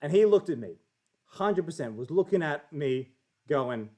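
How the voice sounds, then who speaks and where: A man's voice: fairly high pitch, animated, unhurried, mellow. Chatty, foul-mouthed Australian man. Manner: chatty, profane, jokey storytelling. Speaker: livestream guest. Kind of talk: casual chat and storytelling.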